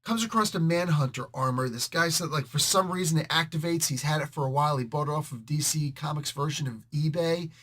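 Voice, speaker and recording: A man hosting a casual comic book review video, joking and animated and talking straight to his viewers. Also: a little high, fairly quick, few pauses.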